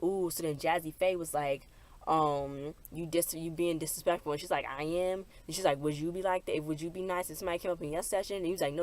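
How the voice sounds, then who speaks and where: A woman's voice: on the low side, no room sound. A young woman casually recapping a reality TV episode, chatty, quoting lines back and forth. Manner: chatty, recounting scenes by quoting the cast in quick back-and-forth. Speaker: TV recap vlogger.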